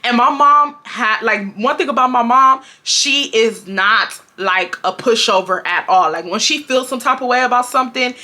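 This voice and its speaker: A young woman tells a story from her childhood in a casual vlog. Her voice is bright and sharp and sits a little high. She talks chattily and animatedly, often speaking to her viewers directly. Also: normal speed, few pauses. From Houston, Texas. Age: 20s.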